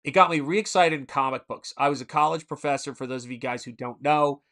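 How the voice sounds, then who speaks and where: A man's voice: mid-range voice, steady tone, fairly quick, a bit bright. A man in his forties hosting a casual live stream, telling rambling stories and stopping to answer the chat. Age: 40s. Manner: rambling storyteller who answers chat mid-story.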